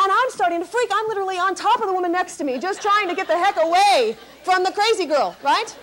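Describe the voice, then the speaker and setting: A woman keynote speaker telling a comic story to an audience, animated and laughing as she talks. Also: fast talker, few pauses, a faint crowd, a little hiss or hum. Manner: animated, laughing, high-energy.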